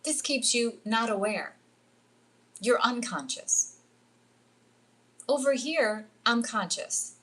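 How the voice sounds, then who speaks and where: A woman's voice: fairly high pitch, expressive, slow pace, pauses often, a bit bright. A middle-aged woman, a spiritual coach, talking casually on a livestream, chatty and acting out the voices she quotes. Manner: chatty, acts out quoted voices, says "like" often. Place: at home, jungle retreat.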